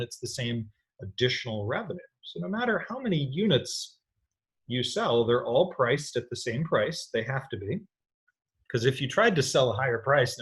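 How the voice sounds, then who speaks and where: Lively, animated male economics teacher. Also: medium pitch. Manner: explains step by step, often checks in with "right?". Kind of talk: recorded lecture.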